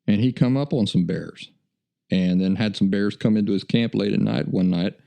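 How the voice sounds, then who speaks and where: Gravelly low-voiced man telling a story. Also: normal speed, warm tone. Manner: rambling, folksy, with fillers. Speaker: podcast host. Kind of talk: casual anecdote telling.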